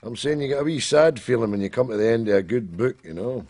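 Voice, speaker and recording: A man's voice: medium pitch, expressive, quick pace, darkish tone. An actor playing a cantankerous older Scottish man who rambles and argues, with a Scottish accent. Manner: rambling, argumentative, hesitant. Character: cantankerous old Scottish man, Jack, cowboy book fan.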